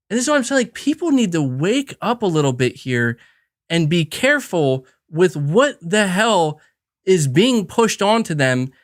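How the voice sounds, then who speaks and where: Man, podcast host, heated profane rant, emphatic, restarts, animated voice. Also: high voice.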